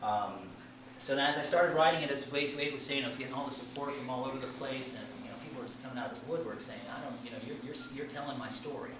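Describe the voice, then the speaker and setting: A man's voice: medium pitch, racing, noisy background. A man in his late forties giving a rambling, chatty talk at his book launch, full of fillers and restarts and often laughing at himself. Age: 40s. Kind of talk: informal speech to a party crowd. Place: indoor party venue with an audience. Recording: very echoey room, distant mic, room ambience.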